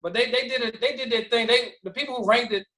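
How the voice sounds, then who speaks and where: A podcast co-host with a notably high voice chats loosely with friends. He tells stories with energy and slips into the voices of the people he quotes. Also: fast talker. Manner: animated storyteller acting out quoted voices. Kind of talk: casual chat.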